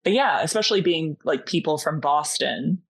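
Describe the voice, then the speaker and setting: Podcast guest: woman from Massachusetts, lowish voice, lively storyteller who acts out every line. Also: moderate pace, vocal fry, slightly rough. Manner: animated storytelling, acting out dialogue. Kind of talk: casual chat.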